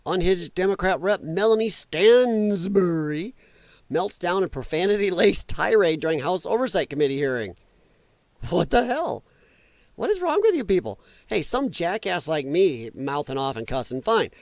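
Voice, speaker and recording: A man's voice: sits high, sing-song, normal speed, no echo. A man from the United States hosting a livestream, reacting to clips with blunt, profane, sarcastic commentary. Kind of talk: casual ranting commentary.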